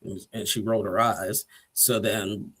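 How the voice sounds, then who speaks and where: A man's voice: on the low side, steady tone, measured pace, a bit bright, husky. A man giving a casual, rambling recap of a TV episode, chuckling often and acting out quotes.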